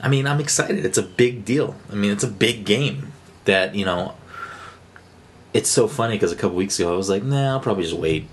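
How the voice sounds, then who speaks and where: Low-voiced, rambling podcast co-host man. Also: brisk. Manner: rambling, excitable, many fillers and restarts. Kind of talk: casual chat. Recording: faint background noise.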